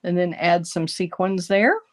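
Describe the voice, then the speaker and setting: A middle-aged woman, raspy from bronchitis, chatting through a card-making tutorial as she works. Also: fairly low pitch, unhurried. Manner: chatty, thinking aloud while working. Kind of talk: casual craft tutorial.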